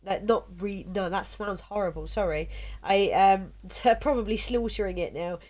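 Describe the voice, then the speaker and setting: A woman streaming a video game, chatting casually with viewers in a halting way, tripping over words. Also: mid-range voice, a little mellow.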